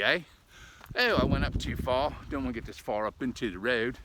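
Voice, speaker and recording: A medium-pitched, expressive older man chats at normal speed in a casual monologue while walking his dogs along a rural road. Slightly breathless and folksy, he keeps adding "eh?" to his remarks. The outdoor recording is noisy, with dogs and rural sounds behind him.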